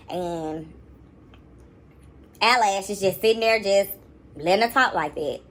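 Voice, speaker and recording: A young woman, giving sassy, animated reaction commentary. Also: medium pitch. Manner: sassy, animated, mocking voices at times. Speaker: commentary YouTuber.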